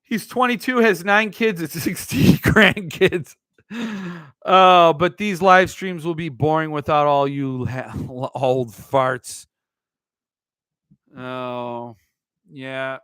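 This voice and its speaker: A man's voice: a little high, takes it slowly, fairly bright tone, clean tone, no room sound, clean studio sound. A man hosting a casual book live stream, joking and rambling in a self-mocking way.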